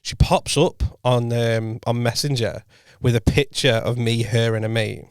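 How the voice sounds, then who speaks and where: A man's voice: mid-range voice, steady tone, measured pace, smooth, dry recording. Man rambling through an anecdote, dry mic. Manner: rambling anecdote, frequent self-corrections and quoted dialogue. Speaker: podcast co-host and comedian. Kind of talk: casual storytelling chat. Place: podcast studio.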